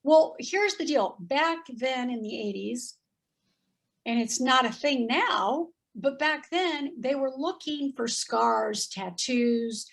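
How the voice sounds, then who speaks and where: A woman in her fifties telling a story in casual chat, animated and acting out voices as she goes. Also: high-pitched, takes it slowly, gravelly. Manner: animated, acts out voices in quotes, laughs often. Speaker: guest.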